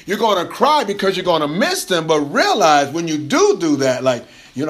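Pastor guy preaching, kinda high voice, laughs a lot, stumbles and restarts. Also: moderate pace, hardly any pauses. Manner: animated, laughing colloquial preaching with many restarts. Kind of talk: sermon.

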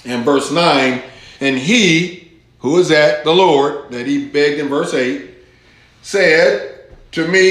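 A man preaches at a very slow, deliberate pace, lifting his voice with emphasis as he reads scripture aloud. His voice sits a little high for a man. The sound rings with the echo of a church room. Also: a bit bright. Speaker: pastor. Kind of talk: sermon. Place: church hall.

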